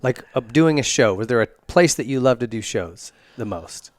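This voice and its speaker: A man's voice: medium pitch, animated, moderate pace. A man hosting a podcast interview, asking easygoing questions full of fillers. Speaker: podcast host. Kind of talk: casual interview chat.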